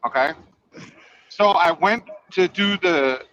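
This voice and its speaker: A man's voice: high voice, takes it slowly, fairly bright tone. A man who drives trucks, hosting a casual, rambling, profanity-filled chat and teasing his guests. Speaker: trucker and podcast host. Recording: dull lo-fi audio.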